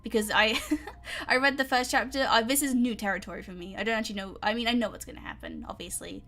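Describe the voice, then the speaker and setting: A woman's voice: fairly high pitch, steady tone, fast, sharp tone, soft background music. Chatty British woman reading a storybook. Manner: chatty, trips over words. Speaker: reader. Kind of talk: casual storybook reading aloud.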